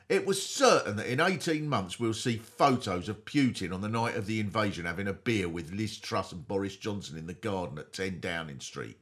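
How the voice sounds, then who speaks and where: A man's voice: medium pitch, big pitch swings, moderate pace, hardly any pauses. A man hosting a podcast, delivering a satirical comedy monologue in a sardonic, mock-earnest way. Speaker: host.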